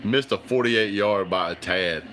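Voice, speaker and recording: A man's voice: lowish voice, measured pace. A man hosting a live football reaction stream, chatting with viewers and hollering at the plays.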